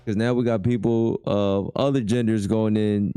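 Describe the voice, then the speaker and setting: A man with a low, warm and smooth voice hosts a relaxed livestream. He talks in a laid-back way and reads viewer comments aloud, close to the mic in a dry room. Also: normal speed, dry recording, faint music behind. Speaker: livestream host. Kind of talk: casual livestream chat.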